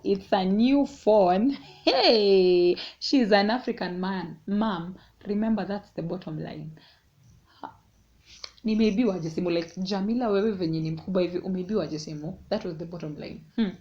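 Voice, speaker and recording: A young adult woman vlogger tells a story casually and animatedly, switching between English and Swahili. Her voice is mid-range and dark, captured with dull, lo-fi sound.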